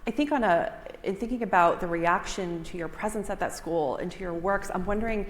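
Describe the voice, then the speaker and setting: Halting woman moderator in a large hall. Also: lowish voice. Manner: halting, searching for words, reflective. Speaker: museum educator, moderator. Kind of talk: onstage interview. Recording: roomy echo of a large hall.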